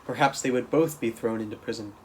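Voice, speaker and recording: A man reading a children's storybook aloud in a steady, plain way, with small restarts. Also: mid-range voice, fast, slight background noise, rough recording. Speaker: camp counselor reading aloud.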